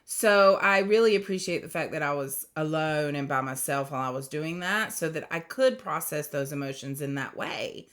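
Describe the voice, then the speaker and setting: A woman giving a casual, rambling tarot reading, chatty and quick to laugh. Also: deep voice, a bit bright. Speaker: tarot reader.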